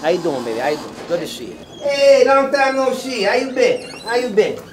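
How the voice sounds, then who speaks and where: A man's voice: sits high, very animated, a little fast, crowd noise. An actor playing a brash, boastful wise guy, crude and constantly swearing, in a comedy sketch. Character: brash boastful Italian-American wise guy obsessed with mortadella. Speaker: comic actor.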